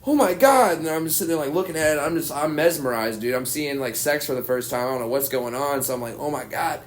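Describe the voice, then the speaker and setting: A man's voice: medium pitch, steady tone, fast talker. Rambling, profane young man from Arkansas. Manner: rambling, profane, says "dude" a lot. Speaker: stand-up comedian, podcast guest. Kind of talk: casual chat, storytelling.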